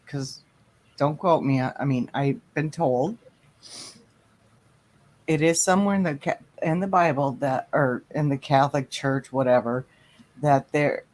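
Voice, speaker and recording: A middle-aged woman hosting a casual chat, telling stories in a lively, animated way. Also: deep voice. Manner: chatty storyteller, animated retelling.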